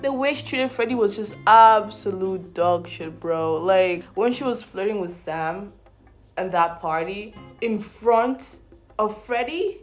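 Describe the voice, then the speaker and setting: A young woman giving casual, animated commentary on a reality show, swearing freely and acting out the people she talks about. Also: mid-range voice, takes it slowly, soft background music. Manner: animated, quotes people in put-on voices, swears. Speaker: vlogger.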